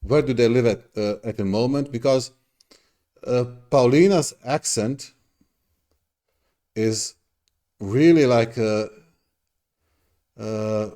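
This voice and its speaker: A man's voice: mid-range voice, darkish tone. A middle-aged man hosting a reaction video, talking casually in an effusive, rambling way with many restarts.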